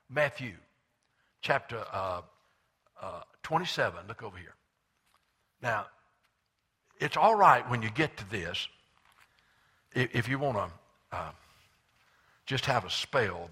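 A man preaching a sermon in a bright, forceful voice of middling pitch. He swings from loud, emphatic declarations down to quiet muttered asides. He stumbles and restarts as he hunts for his place in the text. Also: husky. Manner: halting restarts while looking up verses. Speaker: pastor.

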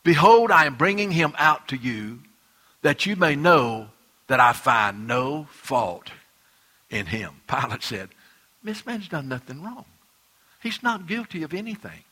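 A man preaching a sermon as pastor, swinging between loud emphatic lines and quiet, hushed ones. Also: a little high, very animated, unhurried, slightly rough.

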